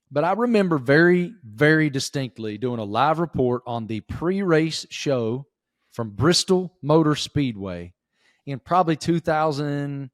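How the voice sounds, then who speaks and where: A middle-aged man from Appalachian Virginia with a Southern accent, telling stories in a folksy, animated way as a podcast guest. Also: medium pitch, no room sound, clean studio sound. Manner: folksy, animated storytelling with emphatic bursts. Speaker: sports reporter guest. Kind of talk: casual podcast interview.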